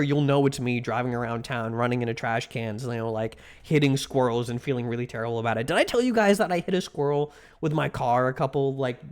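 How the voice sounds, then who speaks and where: A man streaming live, chatting with his viewers in a rambling, animated storytelling way, laughing often and poking fun at himself. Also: fairly high pitch. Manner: self-mocking, answers chat directly. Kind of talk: casual live-stream chat.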